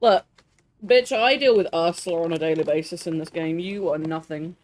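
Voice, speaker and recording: Woman, streamer, casual gaming chat, crude jokes, giggly, lowish voice. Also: normal speed, darkish tone. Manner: crude, giggly banter with frequent laughs.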